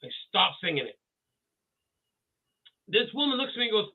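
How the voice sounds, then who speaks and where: A male podcast co-host telling stories in casual chat. He is animated, acts out quotes, and stammers through restarts. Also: high-pitched, normal speed, husky. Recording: tinny phone-like audio.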